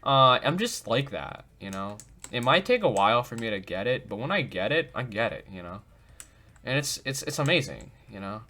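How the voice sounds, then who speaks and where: A man's voice: mid-range voice, very animated, moderate pace, pushed and bright. A man hosting a let's play who jokes about himself and talks to himself while he thinks things through. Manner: goofy, self-mocking, talks to himself. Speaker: gaming video host.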